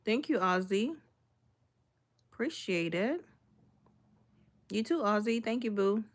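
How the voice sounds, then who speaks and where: A young woman from Miami, Florida, a livestreaming cooking creator, speaks in a mid-range voice that's animated yet slow. She chats casually, reading comments and greeting viewers by name with laid-back sass.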